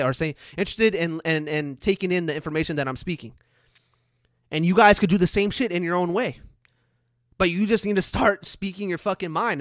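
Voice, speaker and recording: A man's voice: a little high, a bit bright, no room sound, studio quality. A man giving a casual motivational monologue as a social media creator, blunt and profane, repeating himself for emphasis and talking straight to his viewers. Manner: addresses viewers directly.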